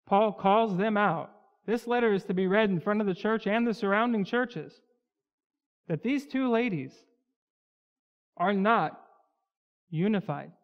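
A male pastor with a high voice gives an expository teaching sermon in a church sanctuary, slowing down to stress key words. The recording is dull and lo-fi, with long hall reverb.

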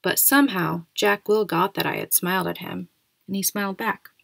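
Woman reader, audiobook narration, gravelly, dry close mic. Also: medium pitch, normal speed, no room sound. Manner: steady, quiet first-person narration. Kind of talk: reading a novel aloud.

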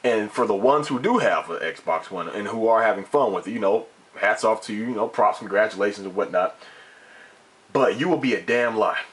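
A man's voice: lowish voice, moderate pace, fairly bright tone. A man vlogging a casual opinion rant about gaming, emphatic and repetitive, with mild swearing and frequent restarts.

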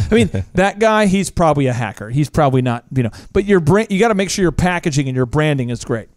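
Male business podcast host, animated and jokey, higher voice, dry studio sound. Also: dry recording. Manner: animated, jokey, quick asides and voice impressions. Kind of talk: energetic casual business talk.

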